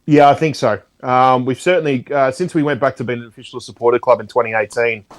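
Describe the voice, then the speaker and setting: An Australian man phoning in to a fan show, chatty and teasing. His voice sits at an ordinary pitch. The sound is dry and close, with no room around it. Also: quick pace, dry recording. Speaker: caller. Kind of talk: casual phone-in chat.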